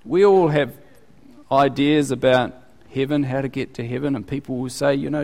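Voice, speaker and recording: A man preaching a sermon as pastor in a conversational, animated way, his voice climbing when he acts out questions. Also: moderate pace, gravelly. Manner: conversational, animated, rising in pitch for quoted questions. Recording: long reverb of a large hall.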